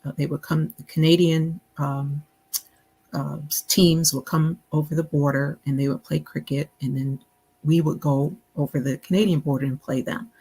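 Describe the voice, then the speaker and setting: Middle-aged woman, guest author; husky, measured storyteller. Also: sits low, little pitch movement, warm tone, poor audio. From Buffalo, New York. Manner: measured, reflective, many ums. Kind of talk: interview storytelling.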